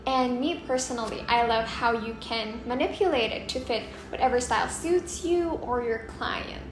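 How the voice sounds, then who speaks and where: A woman's voice: fairly high pitch, moderate pace, reverberant. A woman from the Philippines hosting a home design vlog, talking casually and with enthusiasm about design choices. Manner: enthusiastic, shows off samples with a chatty, descriptive flow. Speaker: interior designer and vlog host. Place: home under renovation, indoors. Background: background music, occasional banging.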